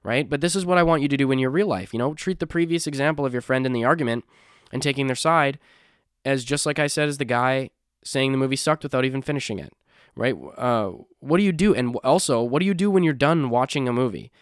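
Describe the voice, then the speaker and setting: Young male podcast host, casual monologue, rambling, smooth clear voice, dry close sound. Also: medium pitch, fast, no echo. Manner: rambling, self-correcting, apologetic asides.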